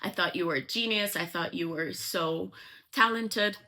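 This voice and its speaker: A vain young gentleman, cold and indignant, scolding sharply, as a woman puts him on. The voice stays close to the speaker's own, bright and a little raised. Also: fairly low pitch, normal speed. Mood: scornful.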